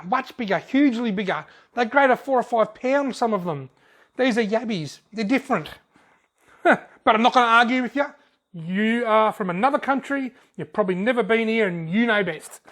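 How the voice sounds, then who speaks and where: A man's voice: sits high, animated, normal speed, a bit bright. Laughing Australian man reading comments. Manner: jokey, laughs often, drawls words out. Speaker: fishing channel host. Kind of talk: casual chat reading out comments.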